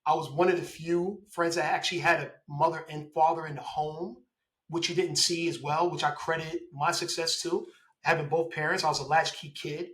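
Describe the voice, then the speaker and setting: A man in his forties, a police officer telling his story in a casual interview, lively, laughing and acting out quoted dialogue. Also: on the high side, moderate pace, rough recording.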